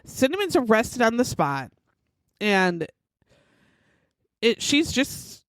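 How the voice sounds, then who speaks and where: A woman's voice: fairly high pitch, big pitch swings, takes it slowly, no echo. A woman hosting a podcast, telling a true crime story casually, swearing freely and acting out the quotes. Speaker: podcast host.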